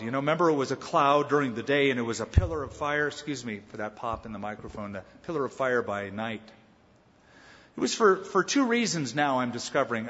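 A man pastor preaching a conversational Bible teaching, with dramatic pauses and voiced quotes. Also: a little high, fairly bright tone. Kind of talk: sermon. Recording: dull lo-fi sound with long hall reverb.

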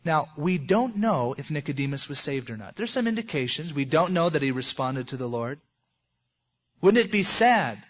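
A man preaching an expository sermon in a conversational way, acting out the voices of people in the passages he quotes. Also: mid-range voice. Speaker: pastor. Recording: dull lo-fi recording.

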